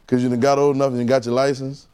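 A man preaching a sermon, firing rhetorical questions at the congregation and swinging between loud exclamations and quiet asides. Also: medium pitch, flat delivery, very fast, smooth.

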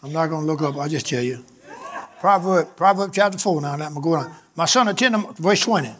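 Preacher guy, pretty high voice, repeats himself a lot and keeps calling out to the church. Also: expressive, brisk, fairly bright tone. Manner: preaching with swelling emphasis and repetition, calling out to the congregation. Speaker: pastor. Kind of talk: sermon.

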